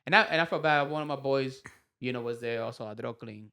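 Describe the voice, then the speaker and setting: A man hosting a comedy podcast, telling a story in an animated way, acting out the quotes and laughing often. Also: mid-range voice, fast talker. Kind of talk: casual storytelling chat.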